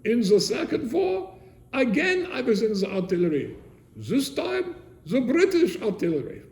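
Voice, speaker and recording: A man putting on an elderly German-Jewish refugee with a German accent, slow and deliberate with dry wit. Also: very high-pitched, wildly swooping pitch, gravelly, reverberant, voice pushed up, full character voice.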